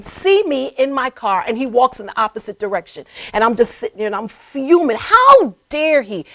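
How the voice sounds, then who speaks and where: A middle-aged woman hosting a talk show, telling a personal story with animated delivery and acted-out voices. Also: mid-range voice, low-quality recording. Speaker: host. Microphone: live stream.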